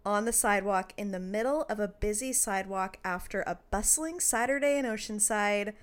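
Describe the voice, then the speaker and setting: A woman's voice: medium pitch, normal speed. A woman co-hosting a podcast, casually chatting and telling stories with lots of laughter. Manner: animated storyteller, laughs often. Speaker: podcast co-host. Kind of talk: casual chat.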